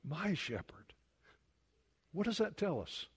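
A man preaching a sermon to his congregation. He asks them questions and often drops to a soft, intimate emphasis. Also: fairly high pitch, sing-song, slow, breathy edge. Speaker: pastor.

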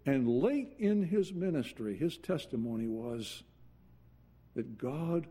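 Husky-voiced man preaching a sermon. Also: medium pitch. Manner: earnest, swings between quiet intensity and raised urgent passages.

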